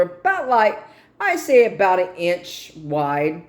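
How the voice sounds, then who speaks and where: A woman's voice: mid-range voice, big pitch swings, slow pace. A middle-aged woman earnestly telling a personal story and acting out the dialogue as she retells it. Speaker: guest telling her life story. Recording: roomy echo.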